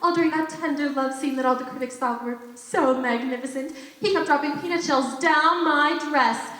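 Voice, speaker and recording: A woman's voice: moderate pace, fairly bright tone. A teenage girl on a school stage playing a glamorous, catty actress in an affected, theatrical manner. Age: teens. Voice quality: affected, theatrical, swooping pitch. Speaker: high school stage actor. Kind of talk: stage play acting. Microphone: far audience camera. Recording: distant, echoey school auditorium.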